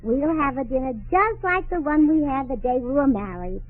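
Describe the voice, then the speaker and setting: A woman's voice: high voice, animated, normal speed. A woman playing a cheerful, scatterbrained young wife in a 1940s radio comedy, chirpy and bubbly. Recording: tinny old radio broadcast.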